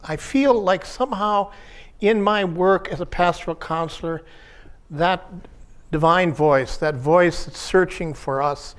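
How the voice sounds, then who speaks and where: A man with a notably high voice gives a reflective workshop talk, the way a pastoral counselor speaks to a gathered group. He talks in short, measured phrases, pausing between thoughts in a contemplative manner. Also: smooth.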